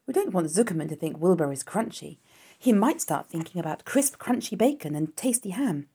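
A woman voicing a kind, clever female spider in a storybook reading, bright and commanding but affectionate. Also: lowish voice, animated, brisk, husky. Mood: persuasive.

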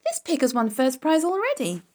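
A woman voicing an excited young farm boy in a storybook reading, exclaiming loudly and eagerly. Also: sits high, a little fast, voice pushed up.

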